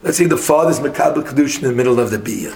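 A man in a casual Talmud study session, arguing a passage quickly and mixing English with Hebrew and Aramaic terms. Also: medium pitch, gravelly, a little mellow.

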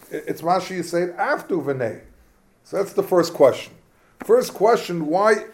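Animated teacher, higher-pitched man. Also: normal speed, creaky. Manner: questioning, animated, mixes Hebrew and Yiddish terms. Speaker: Talmud class teacher. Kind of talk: lively Talmudic lesson.

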